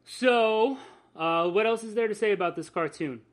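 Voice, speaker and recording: A man's voice: sits high, normal speed. A man co-hosting a podcast in casual chat, rambling and enthusiastic, cursing freely. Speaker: podcast co-host.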